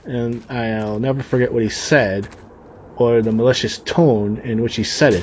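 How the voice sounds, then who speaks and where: A man's voice: mid-range voice, expressive, a little slow, fairly bright tone, a little hiss or hum. A man reading a story aloud and breaking in with profane, sarcastic asides. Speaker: story reader and commentator. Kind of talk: reading a story aloud with reactions over gameplay.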